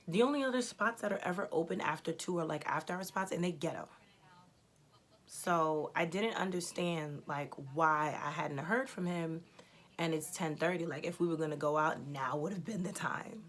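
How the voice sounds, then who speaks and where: A woman's voice: sits low, normal speed, a bit bright. Blunt, chatty woman telling a story. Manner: chatty, blunt, swears freely. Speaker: storytelling vlogger. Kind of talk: casual storytime.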